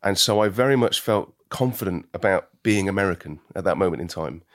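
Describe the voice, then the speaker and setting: A man's voice: low-pitched, animated, a little fast, dry recording, studio quality. A British actor in a casual interview, reflective and laughing easily, often restarting his sentences. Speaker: actor, guest.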